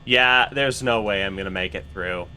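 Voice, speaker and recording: A man's voice: lowish voice, normal speed, bright, forceful tone, slight background noise. A man giving casual let's play commentary, rambling and correcting himself mid-sentence with chatty asides.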